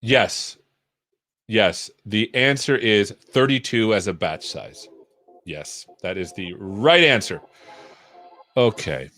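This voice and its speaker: A man's voice: lowish voice, expressive, slow, pauses often, pushed and bright, dry recording, faint music behind. Male coder explaining while he thinks aloud. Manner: thinks aloud, rambling, frequent "right?". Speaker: livestream coding host. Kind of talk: live coding tutorial.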